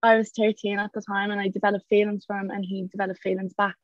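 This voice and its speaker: Young woman, guest, soft-spoken, flat tone, dry muffled audio. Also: medium pitch, quick pace, no room sound. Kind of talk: video call interview.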